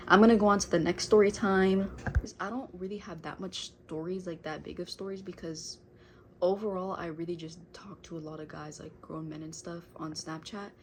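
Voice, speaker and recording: Young woman, casual storytime, chatty and rambling, slightly low voice, faint background hiss. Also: a little mellow. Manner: chatty, filler-heavy, addresses viewers as girl. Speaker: vlogger.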